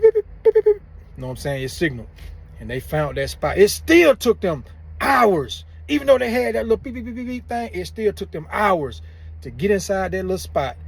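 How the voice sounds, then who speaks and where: A man telling a story to camera in casual slang, repeating himself as he goes. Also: on the high side. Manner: repetitive, loose, drawling speech with slang. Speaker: vlogger telling prison stories.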